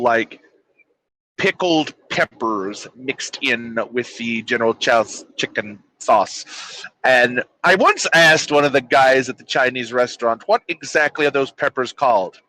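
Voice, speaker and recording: A man's voice: medium pitch, measured pace, bright, forceful tone, rough recording. A man co-hosting a casual podcast, throwing in wry, joking asides. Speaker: podcast co-host. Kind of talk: casual chat.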